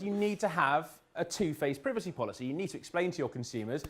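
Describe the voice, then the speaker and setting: A man from the UK giving a humorous business presentation to an audience in an event room, with quick jokes and restarts. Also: fairly high pitch, expressive, slight background noise. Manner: joking, quick asides, restarts. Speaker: speaker at a business talk.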